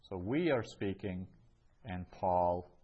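A man's voice: sits low, lively intonation, slow, husky, muffled recording. A man teaching a language lesson, patiently repeating each phrase and explaining it step by step. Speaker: Greek teacher. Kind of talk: classroom lesson.

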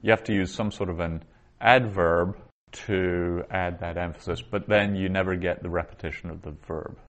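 Deep-voiced man teaching Hebrew grammar. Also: steady tone, fairly bright tone. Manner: patient, explanatory, reads Hebrew phrases aloud slowly. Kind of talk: recorded grammar lesson.

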